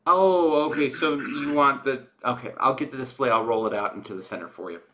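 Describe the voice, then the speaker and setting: A man's voice: medium pitch, fairly quick, bright, forceful tone. A man playing an online tabletop game, talking casually and rambling with fillers. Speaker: player.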